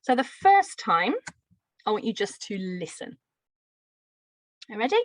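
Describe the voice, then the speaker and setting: Teacher with a Birmingham accent. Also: female voice, medium pitch, very animated, unhurried, long pauses, dry recording, low-quality recording. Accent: Birmingham (Brummie). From Birmingham, England. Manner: friendly, explanatory, with light laughs. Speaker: teacher trainer. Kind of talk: live teacher-training lesson.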